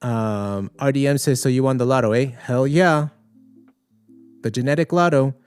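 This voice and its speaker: A man's voice: mid-range voice, normal speed, smooth, soft background music. A man hosting a livestream podcast, chatting casually and reading out viewer comments with many fillers. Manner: relaxed, conversational, thinks aloud with many fillers.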